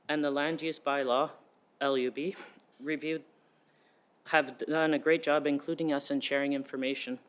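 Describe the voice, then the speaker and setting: Committee member, male, slightly high voice, formal council report with stumbles and self-corrections. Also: a bit bright. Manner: reads haltingly with frequent restarts.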